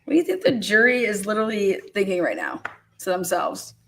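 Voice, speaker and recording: A woman's voice: mid-range voice, big pitch swings, a little fast, gravelly, husky. Chatty woman hosting a bingo livestream. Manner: chatty, laughs often, reads viewer comments aloud. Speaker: livestream host. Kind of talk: casual livestream chat, calling bingo.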